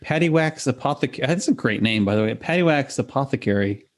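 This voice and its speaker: A man's voice: medium pitch, expressive, a little fast. A man co-hosting a podcast in casual chat, with playful, teasing banter. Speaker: podcast co-host.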